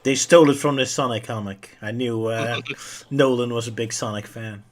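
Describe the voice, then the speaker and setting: Podcast dude, mid pitch, jokey, words trail off quiet. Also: male voice, fairly even intonation, moderate pace. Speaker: podcast co-host. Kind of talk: casual podcast chat.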